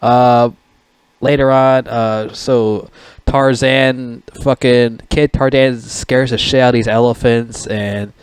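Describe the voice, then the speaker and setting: A man's voice: mid-range voice, slow, smooth, dry recording. Guy ranting about a movie, cusses constantly, rambles, dry close sound. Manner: rambling, profane, excitable. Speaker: movie reviewer. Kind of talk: casual rant.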